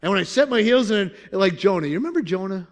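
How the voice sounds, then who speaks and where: A man's voice: high voice, lively intonation, fast. A man pastor preaching a sermon in a conversational way, with joking asides and questions to the congregation.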